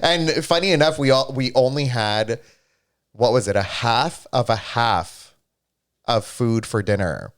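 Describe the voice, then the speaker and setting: A young man co-hosting a casual gaming livestream, animated and playfully argumentative. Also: mid-range voice, a little slow. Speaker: livestream co-host. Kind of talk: casual gaming stream chat.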